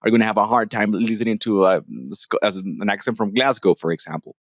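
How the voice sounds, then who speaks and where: A man's voice: fairly low pitch, a little fast, no room sound, studio quality. A man hosting an interview, a former English teacher who rambles with many restarts and fillers. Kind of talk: casual interview chat.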